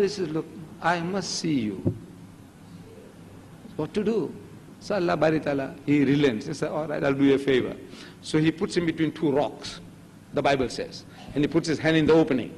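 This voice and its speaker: An older man with a fairly high voice gives an animated religious lecture, and his pitch swings widely as he plays out each story. His first language is Gujarati. The sound carries a long hall echo over a faint background hiss. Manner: animated storytelling, acting out dialogue.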